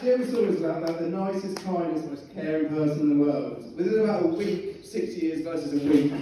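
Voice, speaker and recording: A young groom delivers his wedding speech, chuckling as he teases the guests. His voice sits a little high for a man. It's caught from a distance in a very echoey hall, with steady noise underneath. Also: fairly quick. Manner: jokey, chuckling through his lines.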